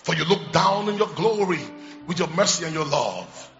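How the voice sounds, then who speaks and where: A man preacher putting on a pompous man praying in flowery, formal words, low and hushed. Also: expressive, gravelly, lo-fi sound, faint music behind. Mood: mock-solemn. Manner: solemn, ornate, drawn-out.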